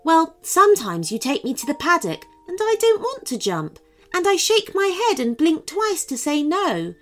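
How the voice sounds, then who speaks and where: A woman voicing a gentle, patient female horse that explains things kindly in a children's story. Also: very high-pitched, big pitch swings, moderate pace, soft background music, pitched above the performer's own voice, heavily acted. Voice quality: soft. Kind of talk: storybook character voice.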